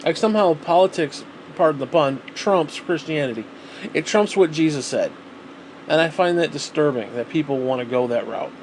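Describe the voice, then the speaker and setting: A man's voice: a little high, normal speed, a little hiss or hum. A man ranting alone in a vlog, rambling and exasperated, swearing constantly. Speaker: vlogger. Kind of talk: solo rant to camera.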